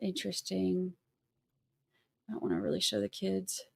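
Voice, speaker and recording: A woman's voice: lowish voice, sing-song, normal speed, vocal fry. A woman hosting a livestream, chatting casually with sarcastic, scattered asides and thanking viewers for gifts. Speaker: livestream host.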